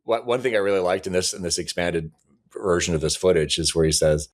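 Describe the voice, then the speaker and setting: A man's voice: low-pitched, fairly quick. A man co-hosting a casual podcast, chatty and a little exasperated as he picks over details. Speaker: podcast co-host.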